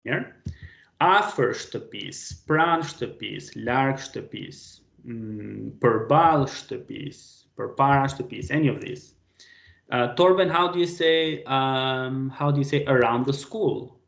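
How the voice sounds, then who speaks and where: Male language tutor, gravelly voice, patient, roomy echo on a video call. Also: medium pitch, animated, slow pace, a bit bright. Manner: patient, questioning students by name. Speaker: language teacher. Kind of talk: online class teaching.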